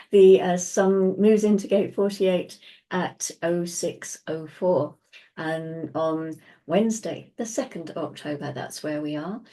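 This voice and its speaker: Low, mellow-voiced woman chatting to viewers. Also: slow. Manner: chatty, reflective, asks listeners questions. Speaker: Human Design teacher. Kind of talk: casual solo explainer talk.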